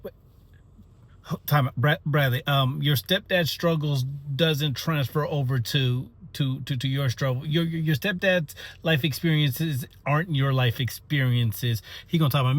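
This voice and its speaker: A man telling comedic stories about his days as a pre-K teacher, with stammered restarts and sudden high-pitched outbursts when flustered. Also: measured pace, dry recording. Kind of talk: storytelling comedy with acted-out quotes.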